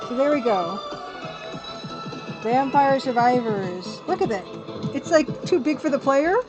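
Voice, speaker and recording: A woman with a high-pitched voice and lively intonation hosts a casual live stream, speaking unhurriedly as she chats and rambles to viewers and laughs often. Faint music from a record player plays in the background.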